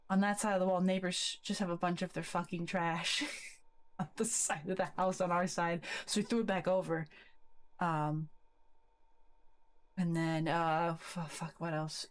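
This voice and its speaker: A woman's voice: on the low side, steady tone, unhurried, pauses often. A young woman streaming from her bedroom, chatting casually in a rambling, giggly way and swearing freely. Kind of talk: casual live-stream chat. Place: bedroom at a desk.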